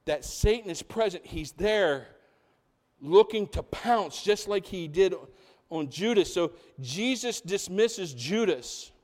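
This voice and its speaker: This pastor's sermon comes in a high-pitched, slow voice. His delivery is animated and chatty, and he regularly directs questions at the congregation.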